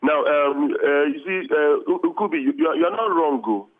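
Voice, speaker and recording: Nigerian man calling in over a phone line. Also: a little high. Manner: blunt, halting with fillers. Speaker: caller.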